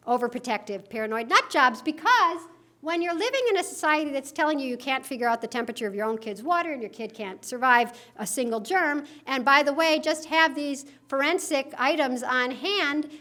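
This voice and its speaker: A middle-aged woman speaks to a conference hall in a high, bright voice. Her delivery is animated and sarcastic, and she laughs at her own jokes. The sound is a mic feed from the stage. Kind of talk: conference talk.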